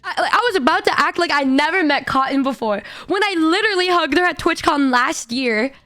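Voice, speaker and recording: A woman streamer with a hoarse voice, telling a story in animated casual chat, laughing and swearing freely. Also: sits high, brisk, no echo. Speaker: VTuber streamer.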